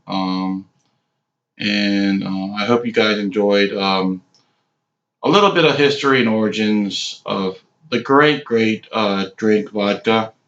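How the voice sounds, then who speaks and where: Rambling, halting man in his late forties. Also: lowish voice, a bit bright. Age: 40s. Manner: rambling, halting, with many ums. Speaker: cigar reviewer. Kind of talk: casual review monologue. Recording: echoey room, dull lo-fi sound.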